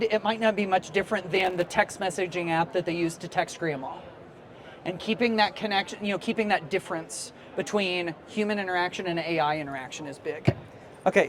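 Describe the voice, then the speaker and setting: A man's voice: high-pitched, a little hiss or hum. A man giving a live conference workshop talk in a casual, chatty way, laughing easily as he talks to the room. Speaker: teacher trainer and conference presenter.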